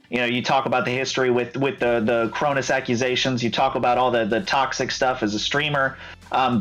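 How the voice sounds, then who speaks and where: A man's voice: mid-range voice, fairly bright tone. A man commentating on his first esports fight card, giving earnest, analytical post-fight remarks.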